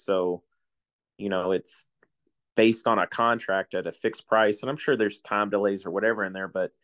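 A man in his forties settles into a relaxed chat, telling folksy stories with frequent chuckles. His voice sits fairly low. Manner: folksy storyteller, chuckles often. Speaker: guest, retiring coast guard officer. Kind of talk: casual chat.

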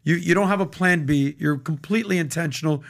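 A man's voice: a little high, fairly quick, creaky. A man from the United States hosting a podcast, chatting casually and eagerly, cracking jokes and asking his guest questions. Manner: enthusiastic, jokey, asks questions. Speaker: podcast host. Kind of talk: casual interview chat.

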